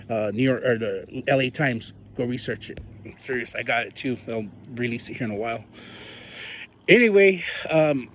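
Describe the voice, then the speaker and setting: A man's voice: mid-range voice, highs cut off, slight background noise. Heated ranting man from northern New Mexico. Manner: heated, ranting, mocking voices of others. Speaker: local political commentator. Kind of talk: angry personal monologue.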